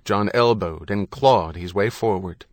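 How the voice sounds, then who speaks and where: A man narrating an audiobook in a measured, grave reading. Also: lowish voice, no room sound, clean studio sound. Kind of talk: scripted narration.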